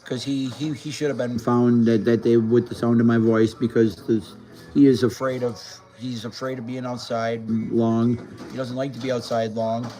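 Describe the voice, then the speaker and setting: In a low-quality recording with faint music behind, a male vlogger rambles casually to camera, stumbling, repeating words and swearing. His medium-pitched voice has a dark tone, little pitch movement and a normal speed.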